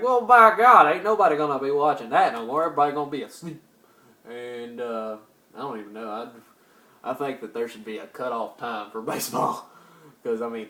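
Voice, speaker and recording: A young man hosting a casual solo sports talk show, rambling and hyper with sudden loud outbursts. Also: medium pitch. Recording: echoey room, distant mic.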